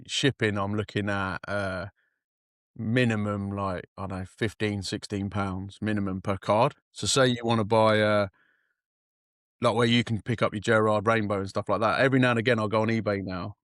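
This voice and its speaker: Male co-host, low pitch, friendly casual banter. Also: steady tone, normal speed, fairly bright tone, no echo, studio quality. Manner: easygoing, chatty and encouraging. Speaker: podcast co-host. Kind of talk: casual chat.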